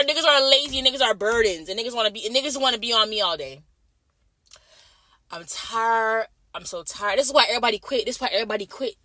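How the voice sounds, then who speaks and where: A young night-shift nurse rants in a vlog in a fairly high, sharp voice, captured in a dry recording. She is blunt, swears heavily and keeps repeating herself.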